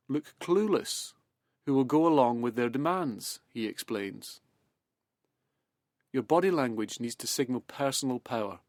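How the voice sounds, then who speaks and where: A man in calm, measured self-help talk that leads into hypnosis, slowing and softening as he goes. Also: mid-range voice, no echo, clean studio sound.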